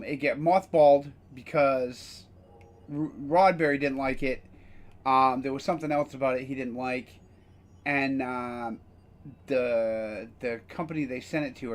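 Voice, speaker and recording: A man casually streaming a game, rambling with frequent fillers and the odd curse. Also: medium pitch. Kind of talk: casual gameplay commentary.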